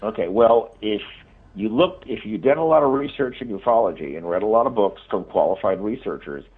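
A man tells a long story as a radio guest over a tinny phone line. His voice is very deep and husky. He rambles and restarts often, but he retells it with energy. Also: lively intonation, fairly quick. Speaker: guest, paranormal investigator and author.

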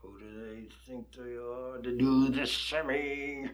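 A man's voice: medium pitch, fairly even intonation, slow pace, crowd noise. A man performing a comic poem recitation in hipster jive slang, with a theatrical, dramatic delivery.

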